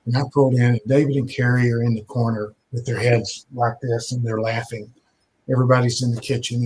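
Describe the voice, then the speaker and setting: An older man from Texas tells long stories in a plain, everyday voice at a middle pitch. He talks in a loose, casual way, with many pauses and restarts. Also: slight background noise. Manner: conversational, many "uh" and repeated starts. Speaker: guest telling stories. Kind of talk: casual storytelling.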